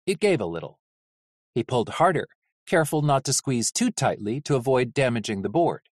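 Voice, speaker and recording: An audiobook narrator reading a novel in an expressive, animated way. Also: medium pitch, fairly quick, dry recording, clean studio sound.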